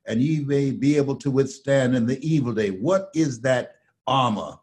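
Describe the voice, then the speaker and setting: An older man from the United States speaks as a motivational guest. He talks slowly and emphatically, leaning on words like a preacher, in a voice of ordinary middle pitch. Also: lively intonation, darkish tone. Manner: slow, emphatic preacher-like delivery. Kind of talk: storytelling motivational talk.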